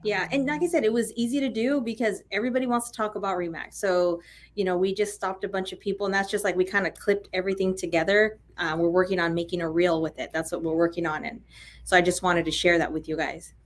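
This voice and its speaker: A woman's voice: on the low side, fairly even intonation, quick pace. A woman co-hosting a casual business chat, talking in a loose, rambling way. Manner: rambling, many fillers and restarts. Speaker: co-host of a real estate broker talk.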